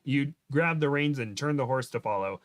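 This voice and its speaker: A man's voice: medium pitch, normal speed, no echo. A man hosting a show, reading a book aloud dramatically and breaking off for joking asides. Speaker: host. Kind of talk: comedic read-aloud of a book.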